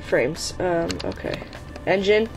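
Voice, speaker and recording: A woman's voice: fairly low pitch, expressive, takes it slowly, music in the background. A woman hosting her own gaming channel, giving let's play commentary while she plays, exasperated and swearing at the game, often chanting the same urging words over and over. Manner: chants repeated urging phrases.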